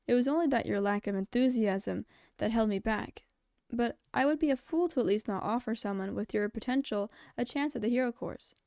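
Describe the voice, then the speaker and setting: A woman reading aloud and voicing a calm, formal male animal school principal who speaks in measured, polite, precise sentences. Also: a little high, no echo, clean studio sound, lightly acted.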